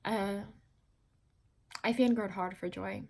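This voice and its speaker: A woman's voice: medium pitch, steady tone, slow pace, creaky, warm tone. A young woman vlogger casually retelling a story to camera, rambling and correcting herself as she goes.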